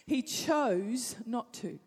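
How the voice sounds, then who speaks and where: A woman preacher delivering a sermon, reading scripture and swinging from hushed asides to loud appeals. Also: on the high side, expressive, extremely slow, big-room sound.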